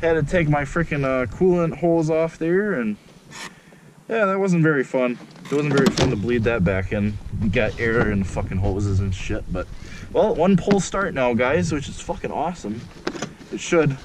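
A man vlogging outdoors in the snow with an action camera, talking excitedly and swearing often as he rambles about his old snowmobile. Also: medium pitch, normal speed, background noise. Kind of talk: casual outdoor vlog.

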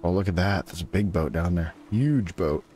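A man's voice: deep voice, moderate pace, darkish tone, slight background noise. A man giving casual live commentary as he plays a survival game, chatting along and teasing the creatures on screen. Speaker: gaming streamer.

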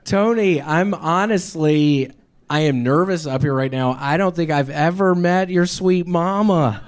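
A male comedian on a comedy club stage, telling absurd rambling stories in a deadpan way that breaks into sudden shouts. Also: on the high side, measured pace, clear, resonant tone. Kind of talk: stand-up set and on-stage banter.

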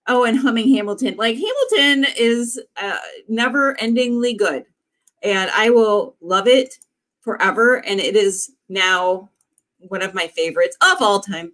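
A woman's voice: mid-range voice, lively intonation, unhurried, fairly bright tone. A woman author hosting a live writing stream, chatting in a bubbly, effusive way. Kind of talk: casual live-stream chat.

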